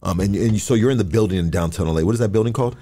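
Deep-ish voiced podcast host dude, chill, asks questions kinda loosely. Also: male voice, rapid-fire. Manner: relaxed, asks follow-up questions, some hesitation. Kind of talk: casual interview.

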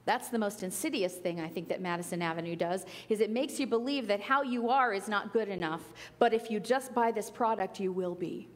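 A woman gives a spiritual talk, earnest and conversational, now and then playful. Her voice sits at a middle pitch and rings out with a long reverb, as if in a hall. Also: a little fast, hardly any pauses. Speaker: spiritual teacher. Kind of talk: sermon-style talk.

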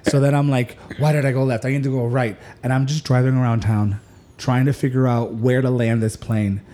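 Casting: man, mellow warm tone, chatty storyteller who rambles. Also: mid-range voice, brisk. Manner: rambling, animated retelling with lots of "like". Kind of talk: casual storytelling chat.

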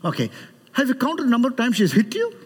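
A man from India preaches in a high, lively voice that swings widely in pitch, with a somewhat husky tone. His sermon is animated and playful, full of jokes and acted-out voices. The sound carries a long hall reverb. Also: fast. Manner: animated, joking with the congregation, acts out quoted voices. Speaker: guest preacher. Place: church sanctuary.

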